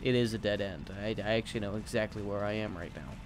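A young man streaming a video game, commentating loudly as he swears at being lost. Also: lowish voice, quick pace. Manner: loud, swearing and frustrated with the game. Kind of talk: live gameplay commentary.

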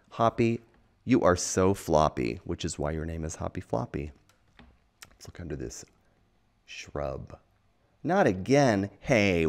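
A man's voice: low voice, creaky. A man reading a children's picture book aloud in a playful, chatty, enthusiastic way.

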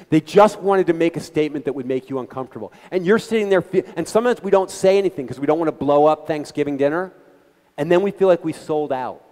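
A man's voice: fairly high pitch, a little mellow. A man giving an earnest, conversational talk to a community gathering, speaking directly to the audience as a guest speaker. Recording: long reverb of a hall.

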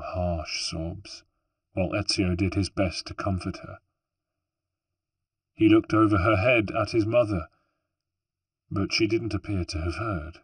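Deep husky male audiobook narrator. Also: no echo. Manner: steady, even storytelling. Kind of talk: scripted narration.

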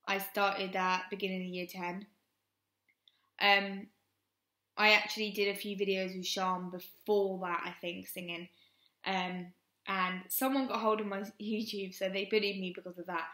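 A woman's voice: mid-range voice, flat delivery, measured pace, pushed and bright. A young woman, frankly telling a personal story on her vlog and rambling with many "um"s. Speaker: vlogger. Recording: roomy echo.

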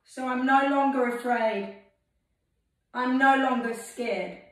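A woman with a fairly high voice leads a guided movement lesson, talking very slowly and calmly. She gives step-by-step instructions as an English teacher. Her voice rings through a very echoey room. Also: far from the mic. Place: library room.

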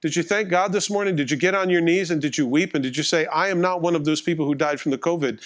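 Middle-aged man, pastor, sermon, fairly high voice, wry and chatty, acts out little exchanges. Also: quick pace, few pauses. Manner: conversational, wry and self-mocking, acting out little dialogues.

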